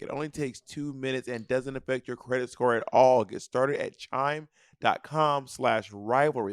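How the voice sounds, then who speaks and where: A man's voice: mid-range voice, no room sound, clean studio sound. A man in his thirties co-hosting a podcast, reading sponsor ads in a playful, sassy, teasing way. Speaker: podcast co-host.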